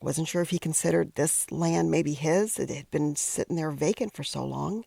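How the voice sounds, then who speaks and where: A middle-aged woman tells a personal story in a reflective, emotional way. Her voice carries a heavy, gravelly fry. She often pauses and sometimes drops to a near whisper, recorded close and dry. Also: sits low, dark tone, no echo. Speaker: podcast host telling a personal story.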